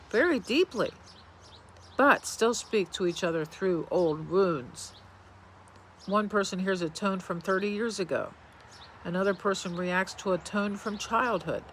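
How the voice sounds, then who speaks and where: A man giving a reflective self-help talk in a calm, gentle, measured way, pausing to think between phrases. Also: sits high, slight background noise, rough recording.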